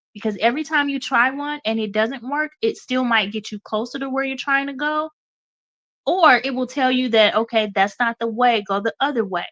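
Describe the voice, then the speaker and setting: A woman's voice: a little high, sharp tone, highs cut off. A woman hosting a radio show, giving an encouraging motivational talk and calling her listeners y'all, a little stuffy. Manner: encouraging, addresses listeners as y'all, repeats okay.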